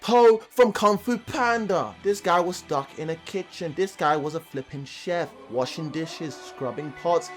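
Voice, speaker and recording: A man's voice: fairly high pitch, measured pace, hardly any pauses, faint music behind. A man hosting a comedic commentary video, talking in hyped, joking slang and dropping into silly voices when he quotes characters. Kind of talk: comedic anime and cartoon commentary.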